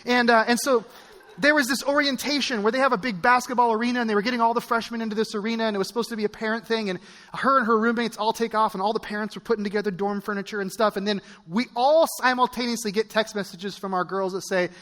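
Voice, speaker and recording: Male pastor, 40s, high register, casual storytelling sermon with fillers, church hall echo. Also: fast, a bit bright. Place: church auditorium. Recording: long reverb of a large church hall.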